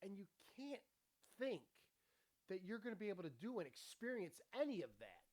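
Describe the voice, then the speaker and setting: A man's voice: high voice, very animated, fairly quick, a little mellow. Rambling, swearing male podcast host. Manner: rambling, profane, laughing often. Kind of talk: motivational monologue. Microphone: camera with ring light.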